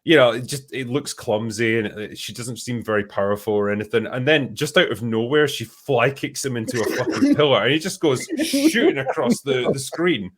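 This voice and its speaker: A man's voice: mid-range voice, animated, moderate pace, few pauses. A man hosting a casual podcast chat, exasperated and sweary as he picks apart a show. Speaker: host.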